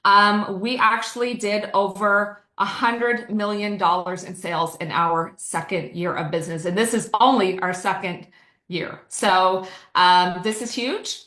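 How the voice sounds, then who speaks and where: Canadian lady doing an excited sales pitch, bright voice, lots of ums, echoey room. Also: measured pace. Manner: enthusiastic, many fillers. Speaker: business presenter. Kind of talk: sales presentation. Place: online presentation.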